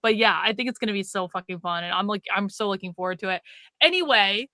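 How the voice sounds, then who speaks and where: A woman's voice: medium pitch, quick pace, sharp tone, no room sound. A woman hosting a podcast in casual chat, chatty and swearing freely. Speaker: podcast host.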